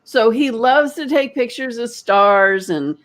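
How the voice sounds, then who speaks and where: A woman, a retreat leader, telling a story in casual chat with animated, laughing delivery. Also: takes it slowly. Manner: animated, laughing, quoting others in high voices. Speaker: energy healer and retreat leader.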